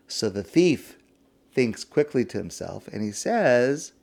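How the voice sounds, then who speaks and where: A male rabbi giving a sermon, telling a parable in an expressive storytelling manner. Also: medium pitch, takes it slowly, creaky.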